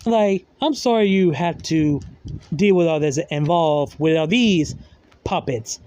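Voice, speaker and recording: A man voicing a smug male killer robot AI as he retells a fan story, in a low, flat tone. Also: unhurried, natural voice.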